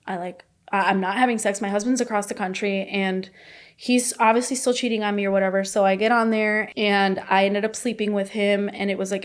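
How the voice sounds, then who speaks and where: Candid young woman telling her story. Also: mid-range voice. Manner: rapid, emotional retelling with many fillers and quoted dialogue. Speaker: podcast guest.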